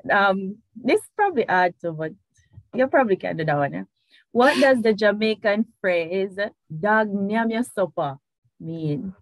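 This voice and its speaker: A woman's voice: mid-range voice, big pitch swings, moderate pace, dry recording, low-quality recording. A woman hosting a casual interview, explaining phrases and laughing often. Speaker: host.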